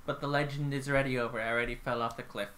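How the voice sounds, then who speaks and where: Low-voiced playful young woman gamer. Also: steady tone, very fast, a bit bright. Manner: playful and teasing, with silly sound effects and chants. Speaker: player and commentator. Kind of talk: casual gameplay commentary. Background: game music.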